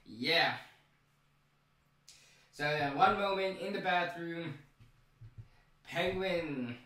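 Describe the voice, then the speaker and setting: Excitable man recapping in an echoey room. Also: on the high side, extremely slow. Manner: rambling, excitable, full of restarts and repeated words. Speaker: show recap vlogger. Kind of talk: casual episode recap. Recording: very echoey room, mic far off.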